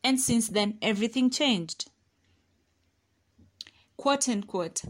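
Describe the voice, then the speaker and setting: A woman's voice: a little high, animated, slow pace, long pauses. A woman presenting a case study, reading a prepared talk with fillers and restarts as she goes. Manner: reads with hesitant fillers and restarts, quotes others aloud.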